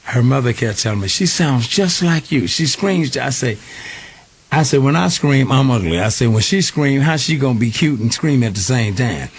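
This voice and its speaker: A man's voice: medium pitch, lively intonation, fairly quick, slightly rough. An older man, a singer giving a radio interview, telling long stories and acting out the voices of the people he quotes. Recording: faint hiss.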